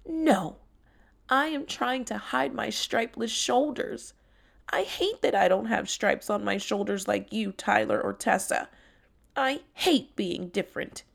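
A woman's voice: sits low, lively intonation, measured pace, vocal fry, slightly rough, heavily acted. A woman voicing a shy, self-conscious young male tiger in a storybook. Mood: tearful. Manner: tearful, hesitant.

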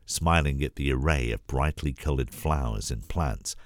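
A man with a cold reads a storybook, his voice husky and extremely low. He narrates gently and expressively, recorded close in a dead, dry space. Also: normal speed, no echo. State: has a cold. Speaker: voice actor auditioning.

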